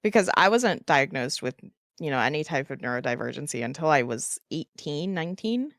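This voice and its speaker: Young woman, Northeastern US accent, lively up-and-down pitch, hesitant fillers, dry close sound. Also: a little fast, dry recording. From New York. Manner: rambling, hesitant, with many fillers and restarts. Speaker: podcast cohost. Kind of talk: casual chat.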